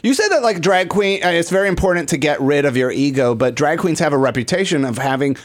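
A man's voice: fairly high pitch, expressive, fast talker. A man interviewing a guest in casual chat, teasing and laughing often.

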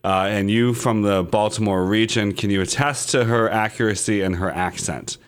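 A man's voice: on the low side, normal speed. A man co-hosting a podcast, chatting casually and asking long, rambling questions. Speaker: podcast co-host. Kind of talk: casual interview chat.

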